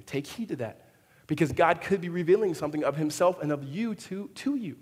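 Man, pastor, sermon, animated, fairly high voice, long hall reverb. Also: brisk, breathy edge. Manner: animated, acting out quoted voices, frequent restarts.

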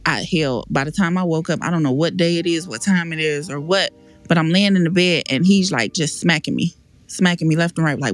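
A woman's voice: deep voice, fairly quick, soft background music. A woman guest on a podcast, telling a painful personal story in a frank, emotional, slangy way with many restarts.

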